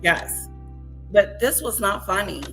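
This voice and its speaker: A woman hosts her live stream with slow, deliberate commentary. Her voice is bright and a little tense, and she hammers each point by saying it again. Faint music plays underneath. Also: medium pitch, lively intonation, low-quality recording. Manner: emphatic, repeats points for stress. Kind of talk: casual commentary.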